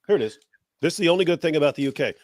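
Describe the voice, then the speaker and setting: A man's voice: fairly high pitch, expressive, rapid-fire, dry recording, clean studio sound. A man from the United States who has a cold, chatting casually as a guest in a sarcastic, mocking way. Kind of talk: casual chat.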